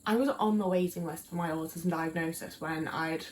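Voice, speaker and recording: Talking casually and rambling to camera with plenty of fillers, a young English YouTuber speaks with a Midlands-meets-Liverpool accent. Her low-pitched, slightly mellow voice keeps a fairly even intonation at normal speed, with a little background noise.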